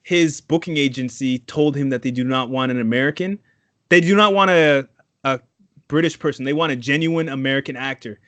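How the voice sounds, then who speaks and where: A man from Trinidad co-hosting a casual podcast, animated and profane, acting out quotes. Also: mid-range voice, fairly quick, dry recording. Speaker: podcast co-host. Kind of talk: casual chat.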